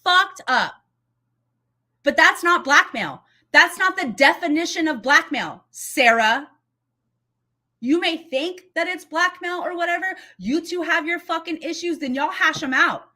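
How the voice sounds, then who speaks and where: A woman's voice: very high voice, normal speed, hardly any pauses, pushed and bright. A woman hosting a reaction commentary video, heated and blunt, swearing freely as she talks back to a clip. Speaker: commentary YouTuber.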